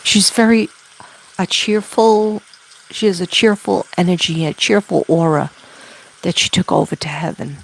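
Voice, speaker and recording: A woman doing a spirit reading as a medium, talking haltingly and relaying messages with many fillers. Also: fairly low pitch, fairly even intonation, creaky, poor audio. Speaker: psychic medium.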